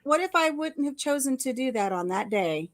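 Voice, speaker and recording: A woman's voice: high voice, lively intonation, moderate pace. Woman, middle-aged, livestream host, casual storytelling, chatty, acts out quotes, laughs a lot.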